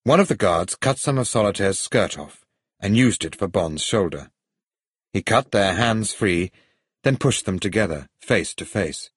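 A man reads an adventure story aloud in a steady, even way. His voice sits low and is slightly husky. The recording is dry and close to the mic. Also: measured pace, no room sound. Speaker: narrator. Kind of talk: audiobook story reading.

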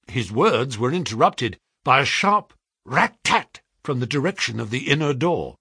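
Man reading classic fiction aloud, animated pitch, slightly husky, dry close sound. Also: normal speed, no echo. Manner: dramatic, building tension. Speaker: audiobook narrator. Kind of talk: scripted narration.

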